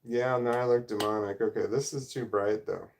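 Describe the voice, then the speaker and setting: Gravelly middle-aged man rambling. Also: fairly low pitch, fairly even intonation, moderate pace, darkish tone, a little hiss or hum. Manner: rambling, easily sidetracked, self-deprecating. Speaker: livestream host reading chat. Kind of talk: casual livestream chat. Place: home room, indoors. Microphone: camera or phone mic at desk.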